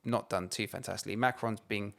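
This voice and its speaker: A man's voice: lowish voice, steady tone, quick pace, vocal fry. A man co-hosting a podcast, ranting and swearing emphatically in casual chat. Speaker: podcast co-host.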